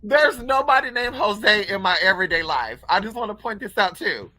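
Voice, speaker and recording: A woman's voice: medium pitch, very animated, brisk, pushed and bright, no echo. A woman telling stories straight to her viewers in a casual, profane vlog, as a spiritual coach who runs online classes.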